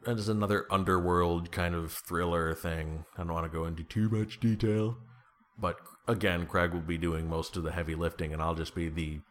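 A man's voice: sits low, fairly even intonation, moderate pace. A man talking as an author guest in a casual interview, playful, laughing often and slipping into comic voices.

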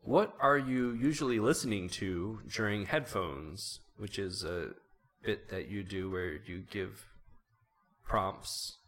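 A man with a lowish voice hosts a casual interview. He reads out audience questions with a wry, teasing touch. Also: slow pace, fairly bright tone. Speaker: host.

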